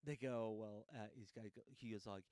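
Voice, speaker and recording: A man's voice: fairly low pitch, steady tone, a little fast, darkish tone, no echo, studio quality. A man hosting a casual chat, a laid-back, profane storyteller who acts out the people he quotes, raised in a Mexican household. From Mexican upbringing. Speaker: podcast host.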